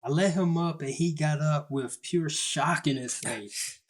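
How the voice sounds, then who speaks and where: A man's voice: on the high side, moderate pace. A young man narrating a comedy story in a casual, slangy, self-mocking way.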